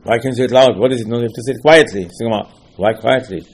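Emphatic rabbi teaching a religious lesson. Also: male voice, medium pitch, racing, breathy edge. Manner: emphatic, repeats phrases, asks rhetorical questions; slightly broken English grammar. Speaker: rabbi teaching a Torah class.

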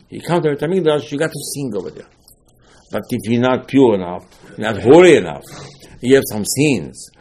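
A man's voice: mid-range voice, darkish tone, a little hiss or hum. Man giving an emphatic Torah lecture. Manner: emphatic, repetitive, asks and answers his own questions, broken English phrasing. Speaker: rabbi teaching Torah.

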